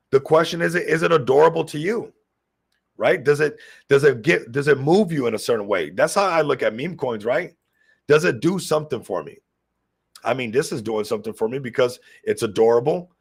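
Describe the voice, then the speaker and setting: A man hosting a casual crypto livestream, excitable and hyped, constantly talking to his viewers while a little sick. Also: medium pitch, creaky, breathy edge.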